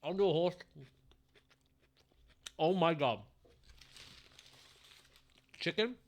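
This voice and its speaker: A young man streaming a game live, swearing freely and calling his chat "bro" while he guesses out loud. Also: a little high, drawn-out words. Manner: profane, excitable, calls the chat bro.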